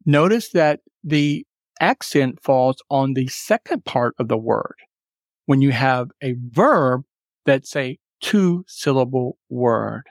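A man teaching English exam tips in a recorded webinar, explaining clearly and spelling things out slowly. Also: medium pitch, animated, no echo, studio quality.

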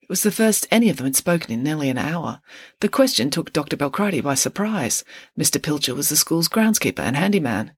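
A woman author reading a chapter of her own story aloud, expressive and playful. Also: low voice, a little fast, slightly rough, dry recording, studio quality.

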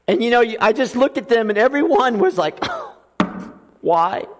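A man preaching a sermon as pastor, swinging between loud emphatic lines and soft hushed ones. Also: very high voice, quick pace, slight background noise. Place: church sanctuary. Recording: long reverb of a church hall.

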